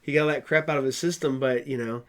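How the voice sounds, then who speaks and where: Chatting casually as a podcast co-host, a man speaks quickly in a medium-pitched, steady voice that's a bit bright. He rambles with plenty of fillers and restarts.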